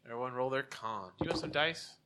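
A man narrating a tabletop game as game master, in a halting, self-correcting, casual way. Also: mid-range voice, bright, forceful tone, slight background noise.

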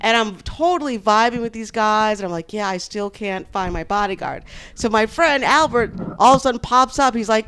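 A woman's voice: fairly high pitch, brisk, clean tone. A woman guest on a podcast, telling a long personal story in casual chat and acting out the other people in it. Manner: animated, acts out the people in her story.

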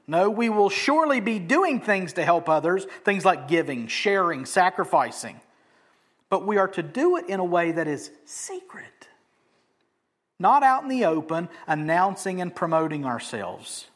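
High-voiced pastor preaching with punchy emphasis. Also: male voice. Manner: emphatic, swinging between loud stresses and soft asides; conversational, joking preaching. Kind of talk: sermon.

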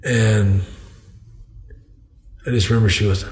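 A man's voice: on the low side, fairly even intonation, moderate pace, gravelly, over a noisy crowd. An older man from Canada, a podcast guest telling a rambling story with many restarts and laughing at his own tales. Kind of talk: casual storytelling. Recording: echoey room.

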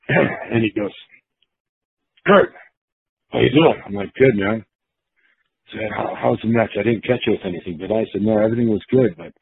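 A man's voice: fairly low pitch, husky, no room sound. A man casually telling a long story, acting out the quotes of the people in it, with many restarts. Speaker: guest storyteller. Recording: tinny phone-like line.

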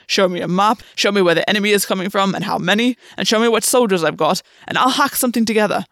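Lady reading as a rough blunt fae soldier guy, battle-worn, dry close sound. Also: mid-range voice, fast talker, no echo, natural voice. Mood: defiant. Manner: blunt, forceful.

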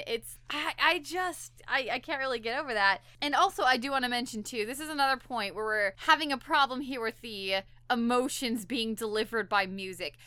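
Young woman co-host, casual episode recap, bright and a bit high, dry close sound, slips into characters' voices. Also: no echo. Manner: animated, acts out characters' lines while retelling. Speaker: podcast co-host.

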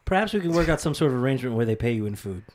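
A man's voice: medium pitch, sing-song, racing, slight background noise. A man co-hosting a casual podcast, teasing and wisecracking with his friends. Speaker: podcast co-host. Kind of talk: casual chat.

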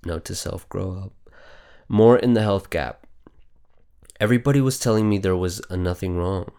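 Male host for off-the-cuff news talk: blunt and profane, with a low, resonant voice. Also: moderate pace, warm tone, clear, resonant tone. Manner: reads headlines aloud and reacts with heavy swearing; blunt, outspoken. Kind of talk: casual news commentary.

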